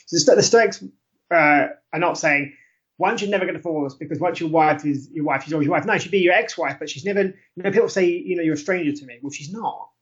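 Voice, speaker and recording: Lively man guest on muffled audio. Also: on the high side, fast. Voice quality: animated, laughs often, frequent self-corrections. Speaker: podcast guest, academic. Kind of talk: conversational explanation.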